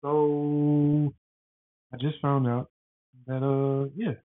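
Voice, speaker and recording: Excitable, rambling man on a tinny line. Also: a little high, very slow, no echo. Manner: rambling, excitable, slangy, lots of fillers. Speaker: podcast host. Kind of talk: casual podcast chat. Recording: dry, tinny phone-like sound.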